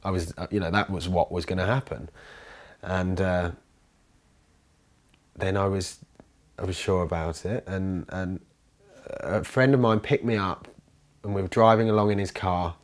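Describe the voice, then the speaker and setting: Guy, lowish voice, rambly storyteller, lots of likes and restarts. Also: normal speed, pauses often. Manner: rambling, animated, many fillers and restarts. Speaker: interviewee, commune resident. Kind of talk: casual storytelling interview.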